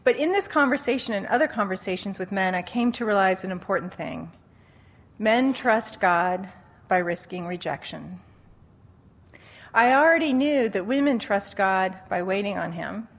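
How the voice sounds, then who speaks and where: Animated woman teaching on relationships. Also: mid-range voice, normal speed. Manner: animated storytelling, acting out quotes, laughs often. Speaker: Christian speaker on dating. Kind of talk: conversational teaching talk.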